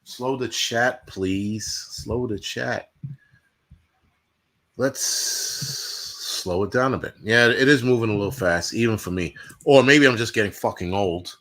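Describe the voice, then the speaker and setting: A man's voice: lowish voice, normal speed, a bit bright. Profane ranting man on a livestream. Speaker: livestream host. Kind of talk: casual livestream rant to chat.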